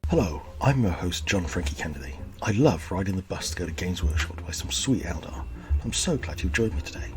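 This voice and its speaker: A man with a low voice hosts a comedy podcast. He delivers his jokes and history bits in a deadpan, mock-earnest way. Faint music plays behind him. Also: a little fast. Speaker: podcast host.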